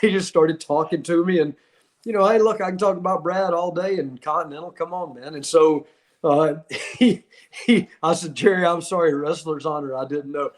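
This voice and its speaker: A man's voice: on the high side, normal speed. A man in his fifties, a podcast host and former wrestler, telling stories in casual chat with frequent laughs. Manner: animated storyteller, laughs often.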